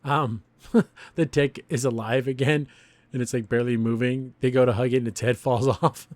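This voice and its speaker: With a medium-pitched, slightly mellow voice and a steady tone, a man hosting a podcast recaps a cartoon episode at normal speed. His review is casual and rambling, full of chuckles, and there's no room sound.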